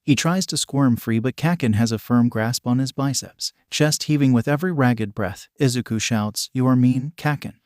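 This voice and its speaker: A man giving steady, scripted narration of a story. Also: medium pitch, moderate pace, few pauses, dry recording, clean studio sound.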